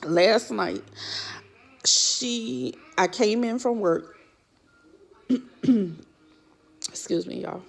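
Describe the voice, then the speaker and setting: A woman's voice: medium pitch, sing-song, very slow, gravelly, pauses often. A middle-aged woman vlogger telling viewers a story in casual chat, laughing often as she tells it, exasperated.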